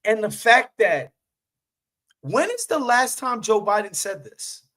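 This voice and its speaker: A man with a fairly high voice talks loosely on a podcast. He is animated and profane, full of fillers and restarts. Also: slow pace. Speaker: podcast host. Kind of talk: casual political commentary.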